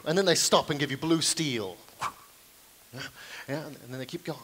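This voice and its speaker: A young man with a New Zealand accent doing live stand-up comedy on stage, with self-deprecating, deadpan asides to the audience. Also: on the high side, normal speed, a little hiss or hum. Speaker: comedian and card manipulation performer.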